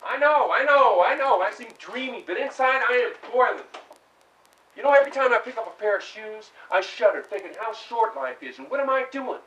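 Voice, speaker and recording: A man's voice: extremely high pitch, fast, hardly any pauses, distant mic, highs cut off. An actor playing a restless young man who longs to leave home, talking intensely in bursts of feeling. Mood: brooding. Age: young adult. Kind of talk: stage play scene.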